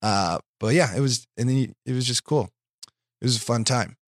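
A man's voice: medium pitch, normal speed, no room sound, clean studio sound. A man in his thirties telling stories in a loose, profane, self-deprecating way as a guest on a chat show. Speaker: guest comedian. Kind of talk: casual storytelling chat.

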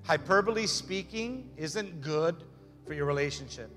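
Emphatic pastor preaching in a hall. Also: male voice, on the high side, expressive, normal speed. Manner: emphatic, repetitive, with joking asides. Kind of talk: sermon. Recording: long hall reverb with faint music.

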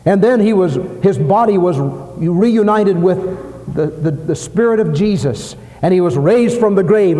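A male pastor preaching with an emphatic, rousing delivery that stacks repeated phrases. His voice sits a little high yet sounds mellow and relaxed. The church hall gives it a long, ringing reverb. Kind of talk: sermon.

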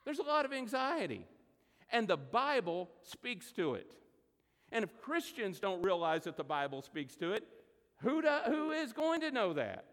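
Man, pastor, sermon, high voice, long church reverb. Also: very animated. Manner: preaching, reads scripture slowly and loudly. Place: church sanctuary.

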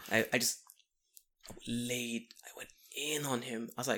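A young man telling a long story in casual chat, profane and animated, acting out what people said. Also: medium pitch, a little slow. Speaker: podcast co-host telling a story.

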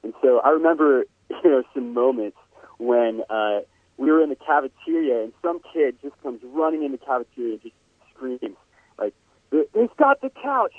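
A man's voice: mid-range voice, moderate pace, no room sound. A young man, a guest musician, telling a rambling college story with laughs and fillers. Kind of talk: casual storytelling. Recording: tinny phone line, dry.

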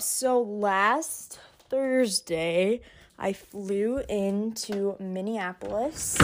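This is a young woman filming a casual catch-up vlog at home. She rambles, stacks up fillers and restarts, and often breaks into small laughs as she moves about packing. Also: fairly high pitch. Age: young adult. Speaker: vlogger. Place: indoors at home, packing and moving around.

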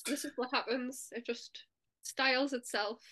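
Girl chatting away, high bright voice, lots of "like" and laughing. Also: fairly even intonation, a little slow. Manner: chatty, laughs often, many "like" fillers, acts out inner voices. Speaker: podcast co-host. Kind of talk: casual chat.

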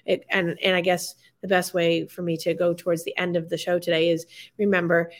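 A woman's voice: fairly low pitch, level tone, fairly quick. Woman host rambling along casually on her show, lots of ums and restarts. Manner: chatty, rambling, with many fillers and restarts. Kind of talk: casual chat on a live show.

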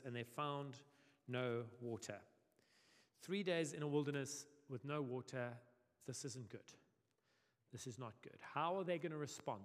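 A male pastor preaching a sermon in a lively, conversational way with humorous asides, in a long hall reverb. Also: medium pitch.

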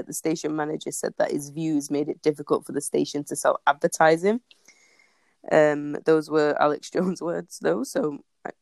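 A woman's voice: sits low, creaky, a little mellow, dry recording. A woman co-hosting a podcast in casual chat, laughing often as she tells the story. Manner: giggly, laughs often between lines. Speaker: podcast co-host.

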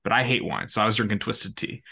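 Young male co-host, bright edgy voice, animated casual storyteller. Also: fairly low pitch, fast talker, creaky. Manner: animated, laughing, quotes friends in voices. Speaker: podcast co-host.

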